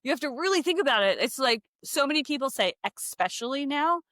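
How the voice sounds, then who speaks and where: A woman from Philadelphia, chatting casually as a co-host over drinks. Her voice sits fairly high, and she strings stories together with lots of "like". The sound is dry and close. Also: fast talker, dry recording. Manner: chatty, fillers of "like", lively anecdotes. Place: California.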